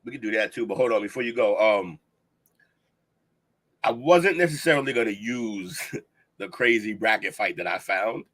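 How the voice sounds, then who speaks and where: A man co-hosting a casual podcast who talks in an opinionated, animated way, with laughing asides. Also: on the low side, moderate pace, long pauses. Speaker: podcast co-host.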